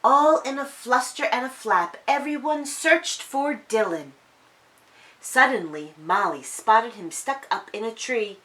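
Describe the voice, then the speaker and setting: A woman reading a children's story aloud in a sing-song, expressive way. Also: fairly high pitch, measured pace.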